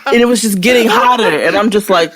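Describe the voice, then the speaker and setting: A woman's voice: mid-range voice, fast, a loud crowd. Woman cohost telling a funny story, laughing, swearing, super casual. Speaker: podcast co-host. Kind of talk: casual podcast chat.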